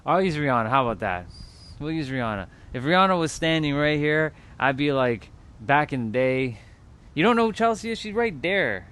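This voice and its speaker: A man's voice: fairly high pitch, lively intonation, brisk, fairly bright tone, clean tone. A man hosting a livestream, talking to his chat in a loose, rambling way, with lots of fillers and casual swearing. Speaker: livestream host.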